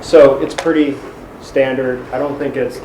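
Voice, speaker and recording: A man presenting to a workshop group, hesitant with many pauses and ums. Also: mid-range voice, flat delivery. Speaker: workshop participant. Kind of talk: informal presentation. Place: conference room. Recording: roomy with noise.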